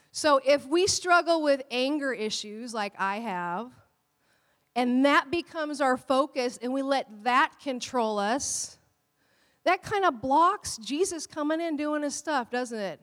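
A middle-aged woman pastor giving a sermon in an animated way, laughing often and acting out quotes in a high voice. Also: measured pace. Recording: long hall reverb.

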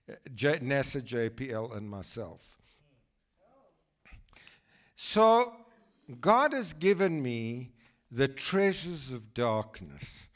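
An enthusiastic man from South Africa gives a guest talk in church, exclaiming over pictures and wandering into chatty asides. His voice sits at a middle pitch. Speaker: guest speaker.

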